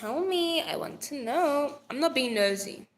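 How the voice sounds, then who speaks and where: A woman's voice: sits high, animated, unhurried. Bubbly young woman chatting on a phone livestream. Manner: bubbly, playful, swears casually, calls viewers darling. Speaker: live stream host. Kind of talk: chatty live stream talk to viewers. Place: Nigeria.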